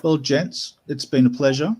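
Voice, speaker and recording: A man's voice: a little high, moderate pace, darkish tone, slightly rough. Dry, wry man from New Zealand. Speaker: panel guest. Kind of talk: casual chat.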